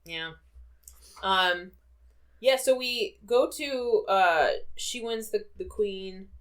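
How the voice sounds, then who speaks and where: A woman's voice: mid-range voice, drawn-out words. A woman co-hosting a podcast, chatting casually about a film with many fillers and frequent laughter. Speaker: podcast co-host.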